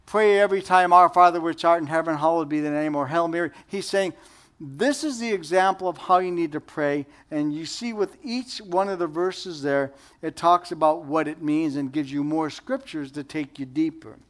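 A man's voice: on the high side, normal speed, a bit bright. A middle-aged man preaching a conversational sermon, joking and asking the audience questions. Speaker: pastor.

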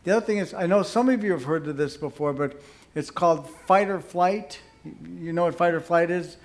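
A man's voice: fairly high pitch, moderate pace. An older man giving casual marriage advice, emphatic and joking, acting out examples as he talks. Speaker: marriage teacher.

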